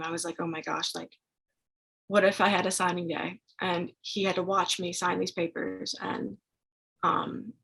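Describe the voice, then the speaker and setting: A woman's voice: lowish voice, vocal fry, fairly bright tone, slightly rough, low-quality recording. A young woman telling her story as a podcast guest, chatty and casual, with many fillers. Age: young adult.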